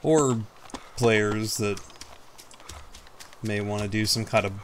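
A man's voice: lowish voice, slow pace, slight background noise. A man giving casual, rambling commentary over his own gameplay, self-mocking and casually swearing. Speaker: gaming YouTuber.

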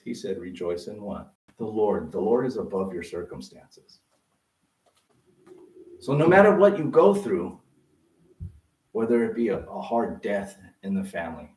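A man preaching a sermon as pastor, lively and conversational, full of rhetorical questions. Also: low-pitched. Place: church sanctuary. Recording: roomy sound from a distance.

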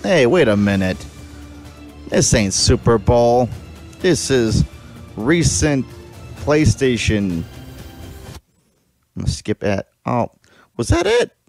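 A man's voice: mid-range voice, big pitch swings, slow, pauses often, a little mellow, faint music behind. A man in his thirties hosting a reaction video, talking casually, laughing often and swearing freely. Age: 30s.

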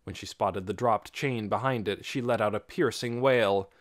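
A man reading an audiobook aloud with expressive storytelling. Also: lowish voice, moderate pace, no room sound, studio quality. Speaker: audiobook narrator. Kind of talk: scripted audiobook narration.

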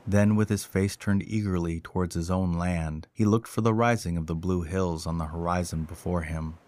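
Calm low-voiced male storyteller. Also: normal speed. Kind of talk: scripted storybook narration.

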